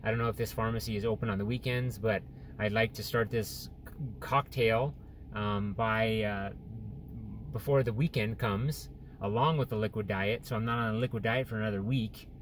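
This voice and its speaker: A man recording a personal video diary about his surgery recovery, speaking haltingly with many restarts, depressed and close to tears. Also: fairly low pitch, steady tone, a little hiss or hum. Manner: halting, many restarts and fillers, openly discouraged. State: depressed and tearful. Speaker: vlogger sharing surgery recovery. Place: in and around a store.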